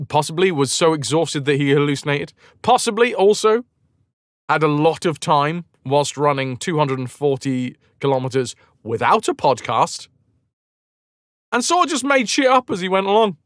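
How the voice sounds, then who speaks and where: A man's voice: on the high side, dry recording, clean studio sound. A man streaming and reading history aloud, breaking off for sarcastic, joking asides.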